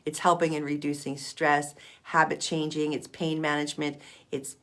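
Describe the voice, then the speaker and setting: A woman's voice: sits low, flat delivery, moderate pace. A woman coaching self-hypnosis in a casual explainer video, chatty and playful, often checking in with "okay?". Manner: playful asides.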